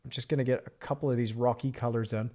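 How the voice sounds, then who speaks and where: A man with an average-pitched voice, talking casually into a livestream from his studio. He rambles and reflects as he works on a painting. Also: fairly even intonation, fast, mellow. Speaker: artist streaming while painting. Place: art studio, indoors.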